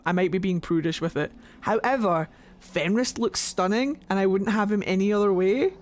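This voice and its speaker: A woman's voice: mid-range voice, moderate pace, a little mellow. Woman rambling and joking while she streams a fantasy game, close desk mic. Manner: chatty, goofy, rambling. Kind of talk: casual gameplay commentary. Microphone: desk microphone.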